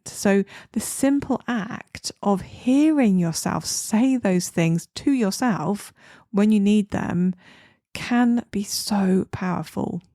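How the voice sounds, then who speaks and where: A woman psychologist with an Australian accent giving calm, soothing advice on a podcast, sometimes slowing down to a whisper. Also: medium pitch, vocal fry, no room sound, studio quality. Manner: calm, soothing, slows down and drops to a whisper on key words.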